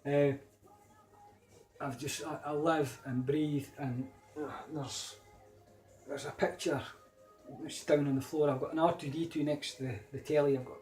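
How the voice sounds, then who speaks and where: A man's voice: fairly high pitch, darkish tone, low-quality recording. A man with a Scottish accent talking casually in a rambling solo vlog, full of fillers and restarts. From Scotland. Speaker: vlogger.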